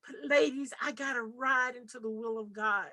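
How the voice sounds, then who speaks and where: A woman's voice: fairly high pitch, normal speed, pushed and bright. A woman from Nashville giving an earnest, heartfelt personal testimony as a podcast guest. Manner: earnest, heartfelt, vivid retelling.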